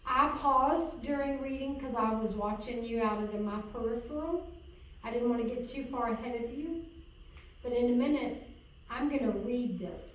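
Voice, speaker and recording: A woman coaching a student in interpreting, encouraging her and checking in again and again. Her voice sits a little high and sounds distant, caught in a very echoey room. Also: normal speed, a bit bright. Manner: encouraging, checks in with repeated "okay?". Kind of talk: hands-on coaching lesson. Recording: echoey room, far from mic.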